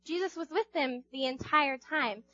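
A woman's voice: high-pitched, moderate pace, fairly bright tone, lo-fi sound. A young woman giving a casual youth sermon, chatty, acting out Bible characters in little voices. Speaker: youth group speaker.

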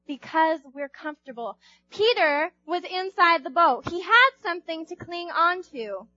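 A woman's voice: extremely high pitch, animated, a little slow, pushed and bright, highs cut off, soft background music. A young woman giving a casual youth sermon, chatty, acting out Bible characters in little voices. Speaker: youth group speaker.

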